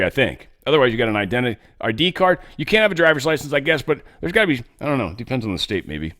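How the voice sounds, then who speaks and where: A man's voice: lowish voice, a bit bright. A male host talking through the day's news in a loose, unscripted way. He rambles, curses bluntly and trips over his own sentences as he goes. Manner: rambling, blunt, swears, frequent restarts. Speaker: political commentary host. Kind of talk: casual news commentary.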